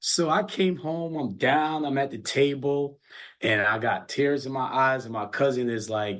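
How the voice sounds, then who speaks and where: A man's voice: mid-range voice, measured pace, fairly bright tone. A man coaching college basketball, chatting casually and telling earnest stories, often repeating his words. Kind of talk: casual chat.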